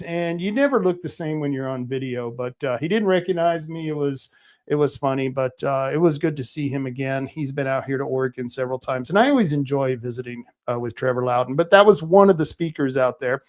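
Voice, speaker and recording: A man hosting his own podcast, telling stories in a rambling, animated way with plenty of fillers and restarts. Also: medium pitch, a little fast. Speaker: podcast host. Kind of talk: casual monologue.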